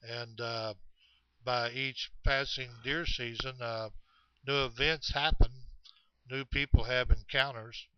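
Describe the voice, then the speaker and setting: A man telling a long story about hunters in the woods, halting often with fillers and restarts. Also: medium pitch, fairly even intonation, smooth, no echo. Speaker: storyteller of Bigfoot encounters. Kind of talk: rambling spoken storytelling. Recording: dull, muffled recording.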